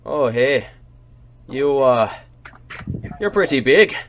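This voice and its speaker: A man voicing a brash, boastful tavern brawler in a tabletop game, loud and taunting. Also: mid-range voice, animated, slow pace, noisy background. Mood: sizing up.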